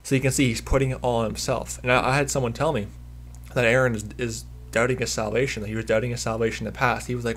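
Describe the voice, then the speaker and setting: A man's voice: mid-range voice, little pitch movement, fast, fairly bright tone, slight background noise. A man delivering a preachy religious commentary monologue, emphatic and repetitive as he hammers home his points.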